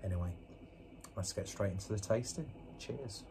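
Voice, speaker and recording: A man with a fairly low voice talks through a beer review in a relaxed, rambling way. He breaks off now and then with joking, self-mocking asides. A faint hiss of background noise sits under his voice. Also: normal speed. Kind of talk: casual beer review vlog. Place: indoors at home with a fan running.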